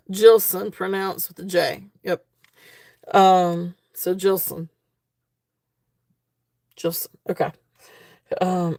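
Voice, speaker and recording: A woman's voice: medium pitch, a little mellow, dry recording. A woman hosting a live jewelry sale, talking casually and gushing over each piece, repeating her praise with plenty of ums and restarts. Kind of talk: casual live-stream selling.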